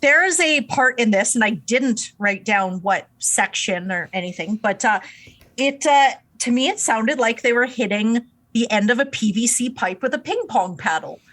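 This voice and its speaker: A woman's voice: on the high side, lively intonation, normal speed, fairly bright tone. A woman co-hosting a podcast, chatting about an album in a hesitant, giggly way, often restarting her sentences. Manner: hesitant, giggly, self-correcting. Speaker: podcast co-host. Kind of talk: casual album review chat.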